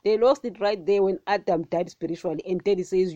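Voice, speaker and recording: Animated woman preaching casually. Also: mid-range voice, fairly quick, few pauses, no room sound, highs cut off. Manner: animated, addresses listeners as guys, repeats phrases. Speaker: podcast preacher. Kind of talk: casual sermon.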